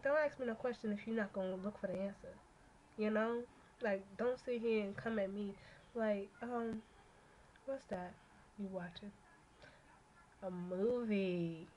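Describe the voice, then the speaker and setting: A young woman rambling casually to her camera in a vlog, blunt and loaded with curses. Her voice sits at an ordinary middle pitch. A faint hiss lingers behind her. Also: rough recording. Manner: blunt, profane, ranting. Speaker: vlogger.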